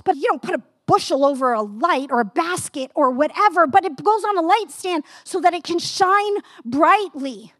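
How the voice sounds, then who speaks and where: A woman in her fifties preaching a sermon with passion, asking the listeners direct questions and rising to near-yelling. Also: very high voice, expressive, normal speed, few pauses, no room sound, clean studio sound. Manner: asks the audience direct questions.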